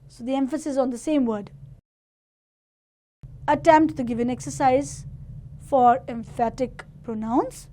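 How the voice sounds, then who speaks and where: A woman teaching a grammar lesson to children, explaining each point slowly and carefully. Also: sits high, steady tone, dark tone.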